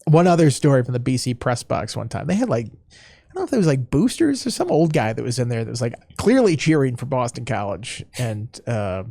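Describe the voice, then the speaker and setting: Male podcast co-host, gravelly texture, easygoing storyteller, dry studio mic. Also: mid-range voice, a little fast, no echo. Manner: storytelling, animated when quoting others. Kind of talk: casual sports chat.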